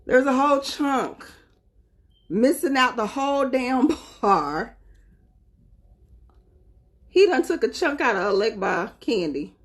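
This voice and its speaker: A woman's voice: high voice, expressive, slow, pauses often. A woman from North Carolina with a Southern accent, chatting casually and animatedly to her viewers, often laughing. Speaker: spiritual vlogger.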